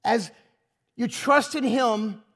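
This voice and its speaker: A man's voice: extremely high pitch, takes it slowly, a bit bright. A pastor preaching a sermon to his congregation, emphatic and full of rhetorical questions.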